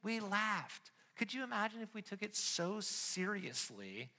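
A man preaching a casual sermon, his voice climbing when a story excites him. His tone is bright and forceful, a little high for a man. It rings out with the long reverb of a large church hall. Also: measured pace. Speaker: pastor.

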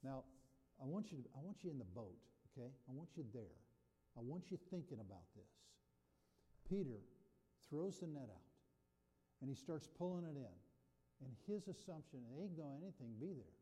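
A man's voice: medium pitch, very animated, moderate pace, mellow. A man preaching a sermon in a folksy, conversational way, often putting questions to his listeners. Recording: long reverb of a large hall.

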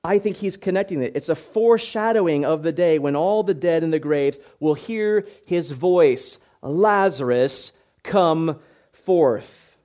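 Guy preaching a sermon, kinda higher voice, chatty, keeps saying right?. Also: moderate pace, hardly any pauses. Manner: conversational, tag questions, bursts into loud acted shouts. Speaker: pastor. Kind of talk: expository sermon.

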